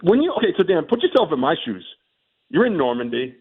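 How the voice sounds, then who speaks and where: A man with a Boston accent calling in to a radio show, talking excitedly and rambling. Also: a little high, fast, breathy edge. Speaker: caller. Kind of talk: call-in chat. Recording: tinny phone line.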